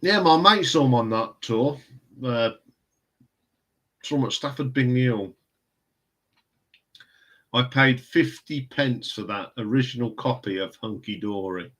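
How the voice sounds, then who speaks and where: With an unhurried delivery and long pauses, this fairly bright, medium-pitched man chats his way through a records live stream. He responds to viewer comments in a rambling manner and chuckles often.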